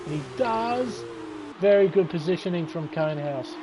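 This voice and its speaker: A man giving casual commentary on a sim-racing league race, excitable and sleepy, swearing and laughing. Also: sits high, normal speed. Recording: race car engine noise behind. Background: racing game car sounds.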